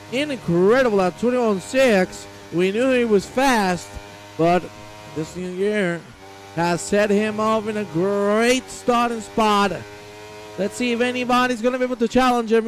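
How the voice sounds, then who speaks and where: A man's voice: very high voice, slight background noise, low-quality recording. A man calling the action in sim racing broadcast commentary, hyping results and addressing the audience. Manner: hype play-by-play, addresses the audience. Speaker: race commentator.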